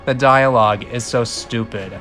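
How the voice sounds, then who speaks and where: A man's voice: mid-range voice, normal speed, a bit bright, faint music behind. Man reading a script with incredulous asides.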